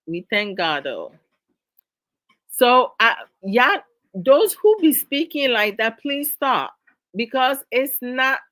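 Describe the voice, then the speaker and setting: A woman's voice: on the high side, a bit bright, no room sound. A middle-aged woman hosting a live discussion, lecturing her viewers with exasperation and frequent laughter. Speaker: host of a live discussion stream. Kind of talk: casual live-stream talk to viewers.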